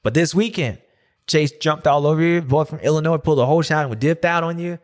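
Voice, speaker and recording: A man who once raced, hosting a casual race recap, talking loosely and slipping into high mocking voices when he quotes riders. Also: brisk. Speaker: podcast host and former racer.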